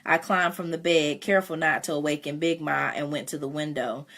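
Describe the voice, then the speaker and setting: A woman's voice: low-pitched, steady tone, brisk, fairly bright tone. A woman reading a novel aloud, breaking off for casual asides to her listeners. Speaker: reader.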